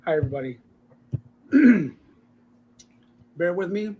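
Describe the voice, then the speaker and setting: A man running a live comic book auction, congested from a sinus infection, joking loosely and clearing his throat as he lists issues and prices. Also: sits high, lively intonation, slow, phone-quality sound. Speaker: auction seller.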